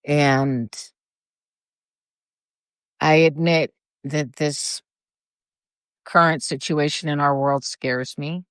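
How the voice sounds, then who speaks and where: A woman's voice: sits low, steady tone, very slow, long pauses, clear, resonant tone, dry recording, clean studio sound. An older woman rambling casually on a live video from her front porch, greeting viewers by name. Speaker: livestreamer. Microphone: phone or camera for a live video.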